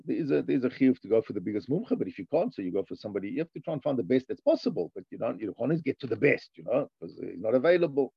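A male Torah teacher lectures by reading a text aloud and translating it, adding sing-song rises on the lines he reads. His medium-pitched voice is husky with vocal fry, captured without echo in a dull, dry lo-fi recording.

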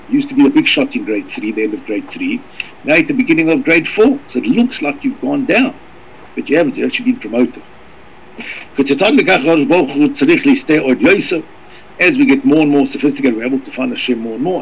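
A man teaching a Torah lesson, talking quickly with many halting repeats and reading Hebrew passages fast. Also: mid-range voice. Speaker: rabbi teaching a Torah class. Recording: dull lo-fi recording with faint noise.

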